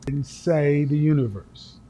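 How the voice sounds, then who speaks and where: A man hosting a call-in advice show, asking slow, probing questions in a measured, deliberate way. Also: fairly high pitch, mellow.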